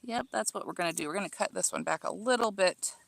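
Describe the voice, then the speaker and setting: A woman in her thirties from Illinois chats with viewers as she trims her garden herbs, rambling along with plenty of ums and restarts. Her voice sits at a medium pitch. The sound is dry and close, with no room echo. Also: fast talker, vocal fry. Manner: chatty, reading out viewer comments, many fillers and restarts. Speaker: livestream gardening host. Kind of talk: casual livestream chat while gardening. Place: outdoor home garden.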